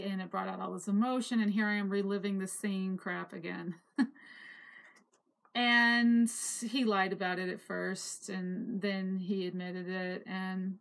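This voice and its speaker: A middle-aged woman recounting her life story to camera. She speaks in a reflective, emotional way, pausing, sighing and laughing now and then as memories return. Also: mid-range voice, little pitch movement, vocal fry. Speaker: memoir narrator.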